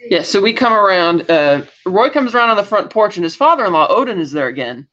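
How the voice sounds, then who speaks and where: A woman's voice: mid-range voice, very animated, brisk, fairly bright tone. A woman co-hosting a podcast, casually recapping a TV episode and acting out lines from the scenes. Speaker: podcast co-host. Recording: dull lo-fi audio.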